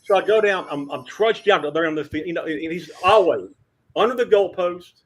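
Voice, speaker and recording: An older man, a veteran sports writer, telling animated anecdotes as a guest, with stammering restarts and a husky voice. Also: sits high, quick pace, slight background noise. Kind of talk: animated storytelling.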